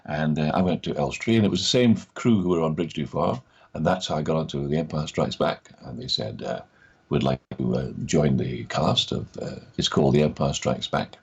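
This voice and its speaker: A man's voice: very deep voice, fairly quick, husky, dull audio. An older Scottish man, an actor guest in an interview, telling stories and acting out the voices of people he quotes. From Scotland. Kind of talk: anecdotal interview storytelling.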